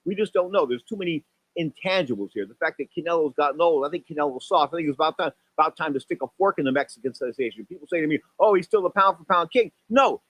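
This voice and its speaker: A man in his sixties hosting a boxing radio talk show, rambling through stories and jumping up in pitch for exclamations and acted-out quotes. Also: no room sound, poor audio. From San Francisco Bay Area. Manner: animated storyteller, voice jumps up for exclamations and acted quotes.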